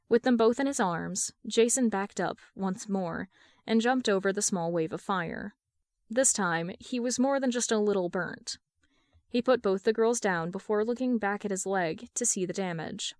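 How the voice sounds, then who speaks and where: A woman narrating a fan fiction story aloud in an even, measured reading. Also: mid-range voice, no echo, studio quality. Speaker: podfic reader.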